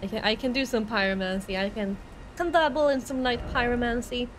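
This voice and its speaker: Woman, Swedish accent, Swedish native speaker, playful, sarcastic, game stream chat, clear background noise. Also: on the high side, fairly even intonation, a little fast. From Sweden. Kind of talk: live gameplay commentary.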